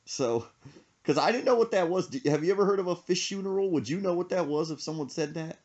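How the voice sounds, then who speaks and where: A young man hosting a podcast, telling a comic story in a casual, animated way. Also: high voice, fast, dull audio. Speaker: podcast host.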